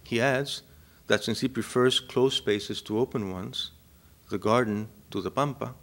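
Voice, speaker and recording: A man's voice: medium pitch, a little slow. A man from Cuba whose first language is Spanish, giving a reflective academic lecture and often checking in with his listeners. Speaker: university lecturer.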